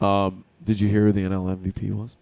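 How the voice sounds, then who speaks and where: A man hosting a podcast, chatting casually and excitedly about baseball and teasing his guest. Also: fairly low pitch, fast, gravelly. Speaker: podcast host. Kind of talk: casual sports chat.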